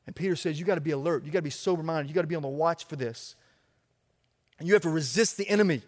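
A man's voice: a little high, very fast, big-room sound. A man preaching a sermon as pastor, emphatic, with a repetitive cadence.

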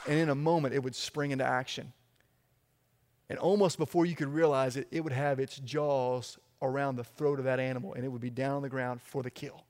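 A man's voice: medium pitch, steady tone, moderate pace, darkish tone, long reverb tail. A man preaching a sermon as pastor, emphatic, with a repetitive cadence.

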